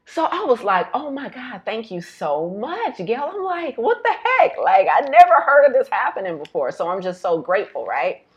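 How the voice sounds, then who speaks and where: Woman, lowish voice, chatty storyteller to camera, animated. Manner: animated storyteller, says y'all, laughs often. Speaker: health educator and vlogger.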